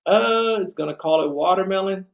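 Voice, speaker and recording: A tired man rants on a late-night livestream, circling back and repeating his points as he talks to his chat. His voice sits a little on the high side for a man. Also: moderate pace, creaky, muffled recording. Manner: rambling, repetitive ranting, talks to chat. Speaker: livestream host.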